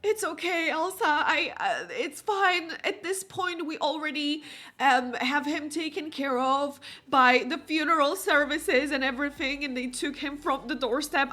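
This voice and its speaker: A woman's voice: high-pitched, moderate pace, bright, forceful tone. A woman voicing a grieving, theatrical mother who talks through tears. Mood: tearful. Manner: tearful, theatrical, sobbing. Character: grieving dramatic mother, middle-aged woman.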